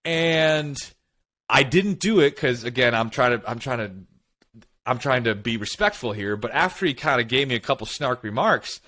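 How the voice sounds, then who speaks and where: Bright-voiced animated man telling stories. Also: medium pitch, moderate pace. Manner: animated storytelling, quotes himself and others. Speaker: podcast co-host. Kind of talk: casual podcast chat.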